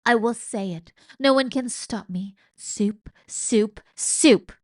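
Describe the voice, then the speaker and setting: A woman voicing a ferocious, mouse-hating castle cook in a storybook reading, with loud, tearful outbursts. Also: mid-range voice, measured pace, no room sound, studio quality, close to an everyday voice. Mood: defiant shouting. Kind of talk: storybook read-aloud.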